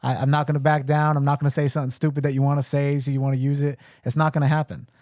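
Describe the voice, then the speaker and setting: A man's voice: mid-range voice, level tone, racing, darkish tone, no echo, studio quality. A middle-aged man running for mayor, answering a caller bluntly and firmly on a live show. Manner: blunt, firm, indignant. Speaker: mayoral candidate, guest.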